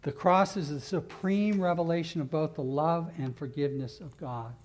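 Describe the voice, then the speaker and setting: A man's voice: a little high, normal speed. A man preaching a sermon as pastor, leading his congregation in call-and-response and closing in earnest prayer. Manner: builds to loud fervent call-and-response, then earnest prayer.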